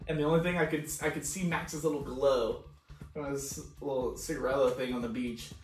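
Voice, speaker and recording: A man's voice: mid-range voice, fairly even intonation, brisk. A young adult man, a podcast co-host, telling a casual story, laughing often, swearing and acting out his own lines. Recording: echoey room, far from mic, faint music.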